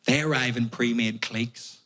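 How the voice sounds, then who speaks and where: Sweary Belfast comedian on stage. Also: male voice, medium pitch, fairly even intonation, moderate pace, fairly bright tone. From Northern Ireland. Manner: swearing, storytelling. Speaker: stand-up comedian. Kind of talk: stand-up comedy set. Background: audience laughter.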